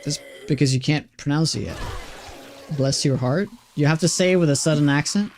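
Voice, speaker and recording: A man's voice: on the high side, quick pace, slight background noise. Chatty Swedish-accented young man streaming. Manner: chatty, self-deprecating, many restarts and fillers. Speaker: game streamer. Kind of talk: casual chat while gaming.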